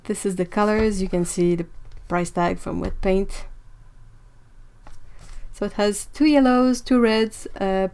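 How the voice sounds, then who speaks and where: A woman hosting a live-streamed art supply unboxing, excitable and chatty, talking to her viewers as she goes. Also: mid-range voice, a little slow, pauses often, clean tone. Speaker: art channel host.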